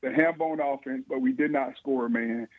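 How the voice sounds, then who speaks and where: A man, a former football player telling animated stories in an interview, chuckling often. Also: medium pitch, moderate pace, dry recording. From Georgia, USA. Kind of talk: storytelling interview. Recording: phone-like line, dry.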